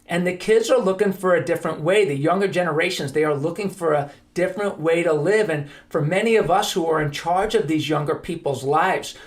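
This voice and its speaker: A man's voice: a little high, a little fast, hardly any pauses. A man hosting a podcast, telling stories in an earnest, emphatic monologue. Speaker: podcast host.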